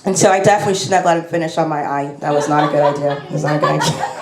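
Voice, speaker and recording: A woman's voice: low voice, rapid-fire, echoey room, background noise. A woman performing a stand-up comedy set on a lapel mic, rambling and self-deprecating with many fillers.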